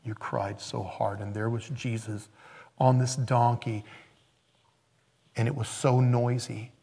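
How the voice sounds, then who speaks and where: A male pastor with a gravelly, fry-laced voice at a middle pitch, delivering a sermon. He preaches conversationally, pushing up into loud emphatic bursts and then dropping to hushed, near-whispered asides. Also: level tone, slow.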